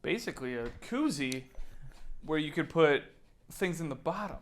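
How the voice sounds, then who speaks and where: Male podcast host with a high voice, easygoing quizmaster who laughs often. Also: lively intonation, normal speed. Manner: laughs often, runs a quiz game. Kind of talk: casual podcast chat.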